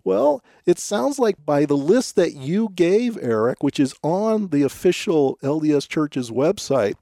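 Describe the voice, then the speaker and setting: A man's voice: fairly high pitch, big pitch swings, unhurried, vocal fry, warm tone, no room sound, clean studio sound. A man co-hosting a scripted discussion, skeptical and emphatic as he reads out quotes and questions them. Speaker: co-host.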